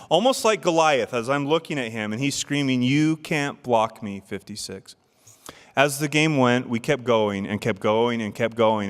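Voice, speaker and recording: A middle-aged man giving a devotional address, telling stories and asking the audience questions. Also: medium pitch. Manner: storytelling with rhetorical questions to the audience. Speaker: church speaker. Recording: long hall reverb.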